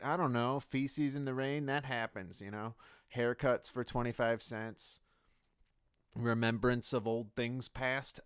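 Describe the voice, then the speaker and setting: A man reading his old journal entries aloud in a rambling, deadpan way, adding absurd asides. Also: medium pitch, slow pace, pauses often, clear, resonant tone, no room sound, clean studio sound. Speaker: comedian and podcast host.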